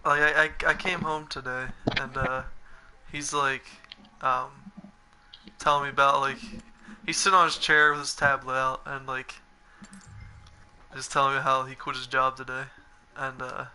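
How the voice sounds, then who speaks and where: A man's voice: mid-range voice, level tone, moderate pace, long pauses, pushed and bright. A young man chatting during a game with a friend, hesitant and stammering as he tells a story. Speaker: co-player. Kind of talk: casual gameplay chat.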